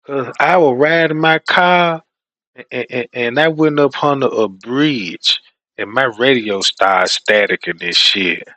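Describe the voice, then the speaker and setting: A man streaming who tells comedic stories in an animated, profane way and laughs often. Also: medium pitch, slow pace, no echo. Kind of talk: comedic storytelling rant.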